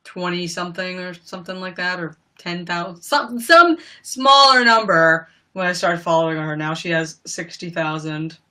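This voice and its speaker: A woman's voice: fairly low pitch, normal speed, hardly any pauses, sharp tone. A young woman chatting casually on a live stream, gushing and rambling with lots of "like" and "you know.". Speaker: livestreamer.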